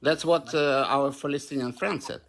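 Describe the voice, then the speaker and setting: A man's voice: medium pitch, steady tone, normal speed, creaky, a bit bright. A man with a Russian accent arguing insistently on a live stream call, repeating his points. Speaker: debate participant. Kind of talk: heated live-stream argument.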